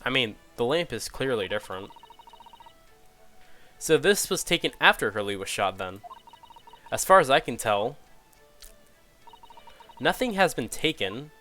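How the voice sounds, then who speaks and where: An earnest young defense lawyer speaking politely and carefully, with a touch of doubt, read out by a man. The voice stays close to a plain speaking voice, with a lively pitch that rises and falls. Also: unhurried, pauses often, faint music behind. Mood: measured.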